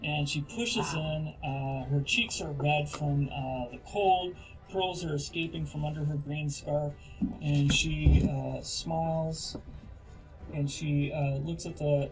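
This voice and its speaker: Halting man running a tabletop game. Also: a little high, steady tone, soft background music, rough recording. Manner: halting, full of fillers. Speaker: game master.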